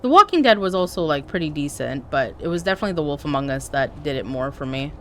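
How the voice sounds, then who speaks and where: Low-voiced woman streamer chatting casually. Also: big pitch swings, fast talker, a little hiss or hum. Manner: candid, joking, chats with viewers. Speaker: game streamer. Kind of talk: casual chat while playing live.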